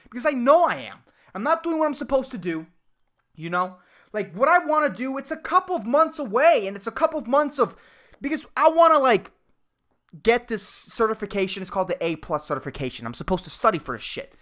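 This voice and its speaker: A young man rants on his solo podcast, angry and profane. His voice leaps up and down with lively swings of pitch. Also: brisk. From Puerto Rico. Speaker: podcast host.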